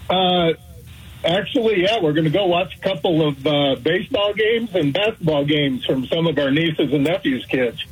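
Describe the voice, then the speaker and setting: A man's voice: fairly high pitch, expressive, normal speed, husky, low-quality recording. A man from Oregon calling in to a radio show, chatting in a friendly, easygoing way. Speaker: caller. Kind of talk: casual phone call.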